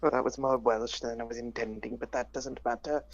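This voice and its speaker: A man's voice: mid-range voice, steady tone, fairly quick, creaky. A man, a tabletop player chatting in a wry, joking way. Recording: lo-fi online voice chat.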